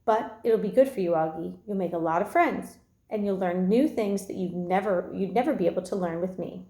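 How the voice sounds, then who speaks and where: A woman reading aloud as a patient mother gently persuading her son. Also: on the low side, a little fast, lightly acted. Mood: gentle. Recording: echoey room.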